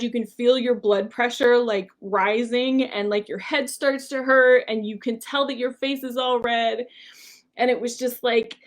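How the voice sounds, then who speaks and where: A woman hosting a solo podcast, talking in an earnest, conversational way with frequent "like" and "um". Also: a little high. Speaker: podcast host.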